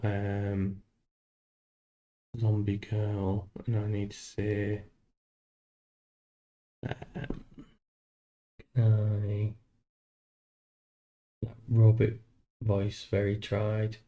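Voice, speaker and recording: Male streamer, low and unhurried, casual self-deprecating think-aloud. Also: level tone, warm tone, lo-fi sound. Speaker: streamer making a game. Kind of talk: casual live-stream commentary while coding.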